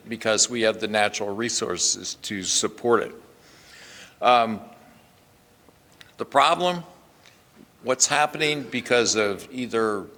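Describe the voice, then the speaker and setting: Low-voiced older man speaking in a reverberant hall. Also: a bit bright. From Pennsylvania. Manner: plainspoken, emphatic, with frequent restarts. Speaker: state senator giving a speech. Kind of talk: speech at a press club luncheon. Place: hotel event hall. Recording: long reverb of a hotel event hall.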